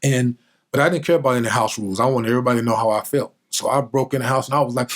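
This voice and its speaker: A man's voice: mid-range voice, fast talker. A man, a guest on the show, telling a childhood story with energy and drama. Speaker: guest, former football player. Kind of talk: animated storytelling.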